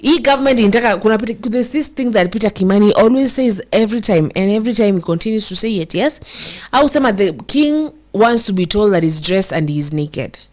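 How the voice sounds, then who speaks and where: A woman's voice: mid-range voice, animated, a little mellow. A young Kenyan woman hosting casual commentary, reading viewer comments and mixing English and Swahili with feeling. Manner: code-switches English and Swahili, emotional, slows to stress words.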